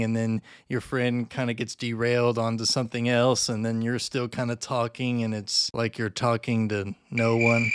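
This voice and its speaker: A man reviewing a film in casual commentary, relaxed and full of "kind of" and "like". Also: mid-range voice, smooth, dry recording, clean studio sound. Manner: relaxed, filler-heavy with "kind of" and "like".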